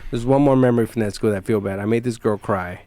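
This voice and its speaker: A man hosting a casual podcast chat, telling school stories in a profane, animated way. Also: fairly low pitch, fast. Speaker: podcast host.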